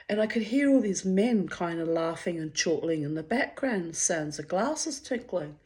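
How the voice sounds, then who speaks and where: A woman's voice: lowish voice, expressive, normal speed, few pauses, mellow. A middle-aged woman, telling a story to her channel in a blunt, profane and dramatic way. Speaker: vlogger. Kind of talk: casual storytelling monologue.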